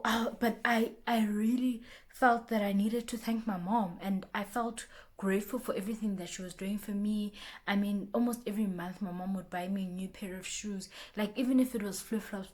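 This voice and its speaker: A young woman talks straight to camera in a casual motivational vlog. She is chatty and loose, circles back over her own words with restarts and fillers, and breaks into lively little voices for what her friends said. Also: medium pitch. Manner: chatty, repeats herself, many restarts and fillers; acts out friends' lines in lively bursts. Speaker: vlogger.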